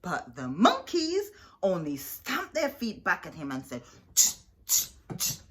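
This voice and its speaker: A woman reading a picture book aloud to children in an animated way, stopping to ask her young listeners questions. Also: lowish voice, unhurried. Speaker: children's storyteller.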